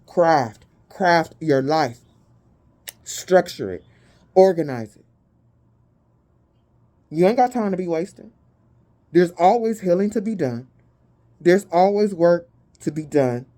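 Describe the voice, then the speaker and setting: A woman giving a spiritual tarot reading in a blunt, emphatic way. She swears often and reads out lists of keywords slowly and deliberately. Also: on the low side, expressive, mellow. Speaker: tarot reader.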